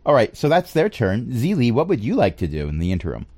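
A man narrating a tabletop game as game master, pausing often with fillers. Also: mid-range voice, wildly swooping pitch, a little mellow. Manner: hesitant, with many fillers.

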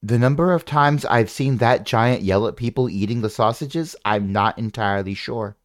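A man's voice: medium pitch, normal speed, no echo, clean studio sound. A man running a tabletop game as game master, rambling and correcting himself with wry asides.

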